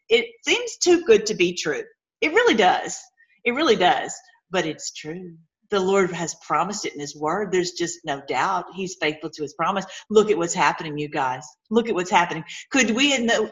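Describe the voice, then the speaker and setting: A woman's voice: medium pitch, a bit bright, poor audio. A woman giving an informal, enthusiastic Bible teaching. She reads scripture aloud and talks chattily and directly to her viewers.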